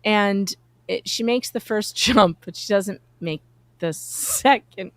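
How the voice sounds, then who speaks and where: A woman's voice: mid-range voice, slow, dry recording. A woman chatting on a live stream, joking and giggling as she talks. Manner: giggly, joking, often laughing mid-sentence. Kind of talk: casual live-stream chat.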